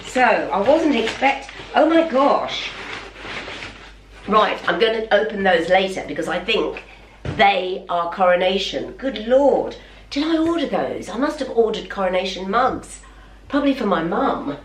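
A woman's voice: medium pitch, big pitch swings, unhurried, slight background noise. A middle-aged woman chatting in a home vlog, talking to her dog while she unboxes parcels and keeps exclaiming. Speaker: vlogger. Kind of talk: casual vlog. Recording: roomy, from a distance.

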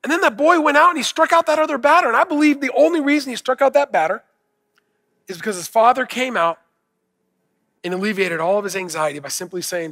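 Bright-voiced earnest preacher man. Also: high-pitched, fast, faint music behind. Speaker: pastor. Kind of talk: sermon.

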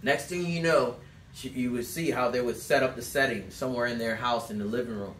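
A man giving a sales coaching talk to a small group, telling stories in a loose, animated way and acting out quotes. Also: mid-range voice, brisk. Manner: animated storyteller, acts out quotes, loose rambling phrasing. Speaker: sales trainer. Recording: echoey room, mic at a distance, faint background noise.

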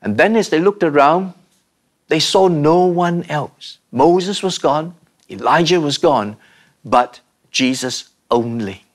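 A man preaching a sermon, slow and measured, with dramatic pauses and repeated refrains. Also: a little high. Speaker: pastor.

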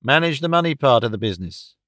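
A man reading the part of a blunt, energetic male rent collector who speaks in short, emphatic bursts. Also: mid-range voice, quick pace, no room sound, clean studio sound, close to an everyday voice. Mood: urgent.

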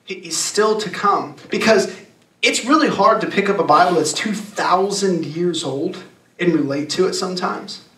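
A young adult man giving a youth sermon, talking casually and emphatically and slowing down to read scripture. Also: high voice, a bit bright. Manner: emphatic, conversational preaching with slowed scripture reading. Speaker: youth pastor. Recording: echoey room, distant mic.

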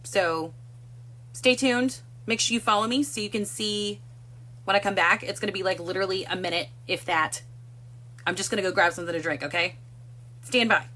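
A woman's voice: medium pitch, moderate pace, long pauses, pushed and bright. A woman hosting a casual live stream from home on a phone, chatting and greeting viewers by name one after another. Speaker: livestream host.

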